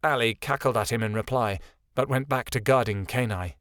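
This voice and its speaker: Man, audiobook narrator, measured, mid pitch, dry close sound. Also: fairly bright tone, no echo. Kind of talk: scripted narration.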